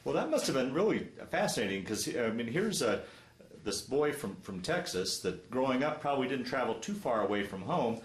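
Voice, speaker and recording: A male interviewer keeps the veteran talking with friendly prompts and short affirmations. His voice is mid-pitched, recorded in an echoey room. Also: sing-song, normal speed. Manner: encouraging, with frequent affirmations. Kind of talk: oral history interview.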